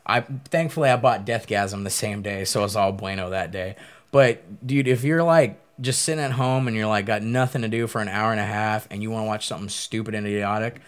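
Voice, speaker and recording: A man co-hosting a horror movie show, retelling scenes in casual, animated chat. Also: lowish voice, brisk, smooth. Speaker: co-host.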